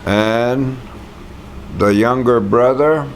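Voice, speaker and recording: A man's voice: mid-range voice, very slow. A man teaching a language class, patiently saying words aloud for the students to repeat.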